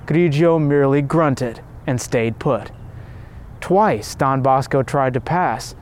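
A man giving measured, reverent scripted narration of a devotional story. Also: on the high side, darkish tone, smooth.

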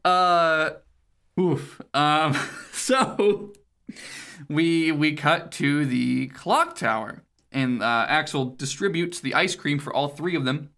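Bright-voiced man recapping a game. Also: on the high side, slow. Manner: rambling, swears casually, laughs often. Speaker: podcast co-host. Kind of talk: casual chat recapping a video game.

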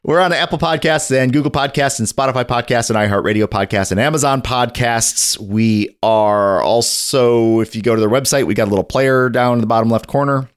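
A man's voice: mid-range voice, a little fast, hardly any pauses, clear, resonant tone. A man co-hosting a podcast in casual chat, jokey and rambling through his plugs for the show. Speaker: podcast co-host.

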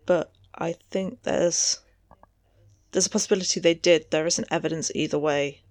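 A woman co-hosting a podcast, speaking in a measured, precise way in casual conversation. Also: sits low, steady tone, darkish tone, no echo, clean studio sound. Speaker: podcast co-host. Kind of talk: casual chat.

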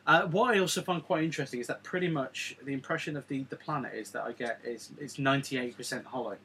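A man's voice: medium pitch, fast talker, sharp tone, slight background noise. A man hosting a casual film review chat, rambling along with frequent ums and restarts. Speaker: podcast host.

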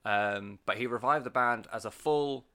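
Bright, sweary man reviewing music. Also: mid-range voice, moderate pace, smooth. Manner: enthusiastic, sweary, rambling with many fillers. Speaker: album reviewer. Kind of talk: casual spoken music review.

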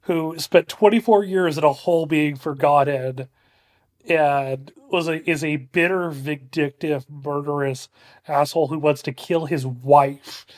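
Man, podcast co-host, casual chat, halting, fillers, slightly high voice. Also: steady tone. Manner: halting, many fillers and restarts.

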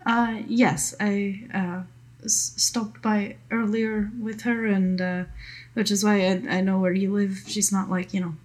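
A woman playing a weary, rough-edged female ship's doctor, answering in halting, hesitant bursts. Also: mid-range voice, little pitch movement, darkish tone, lightly acted.

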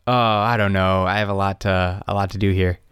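A man's voice: deep voice, fairly quick, clear, resonant tone, no room sound, clean studio sound. Young man animatedly recapping a show. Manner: animated retelling, quotes characters in raised voices. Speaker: podcast co-host recapping a show. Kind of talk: casual chat.

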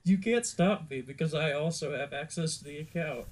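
A man's voice: a little high, moderate pace. A man co-hosting a podcast in casual chat, rambling and laughing easily. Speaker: podcast co-host.

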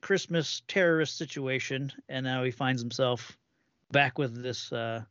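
A male guest on a film podcast who sounds easygoing and talks at a middle pitch. The recording is dry and close, with a dull, muffled tone. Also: a little slow, fairly bright tone, clean tone, dry recording. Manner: easygoing, brief agreeing interjections. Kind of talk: casual film-discussion chat.

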